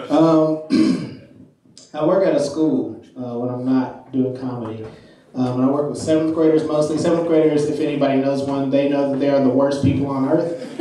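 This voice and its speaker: A man's voice: medium pitch, warm tone, recorded from a distance. A man doing stand-up comedy, telling self-mocking stories in a loose way with plenty of fillers, live on stage. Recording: roomy live club, mic from afar. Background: audience laughter.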